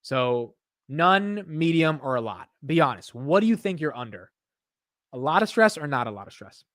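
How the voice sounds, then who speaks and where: A man's voice: a little high, big pitch swings, moderate pace, fairly bright tone, no room sound. A young male streamer talks loosely into a close mic, rambling and reading comments from his chat. He drops "bro" and "yo" constantly and keeps an easygoing tone. The sound is dry, with almost no room reflection. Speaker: livestream host. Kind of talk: casual livestream chat, reading viewer comments.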